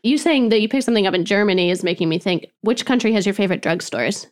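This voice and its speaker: A woman's voice: medium pitch, quick pace. A woman hosting a podcast interview, asking short, friendly questions.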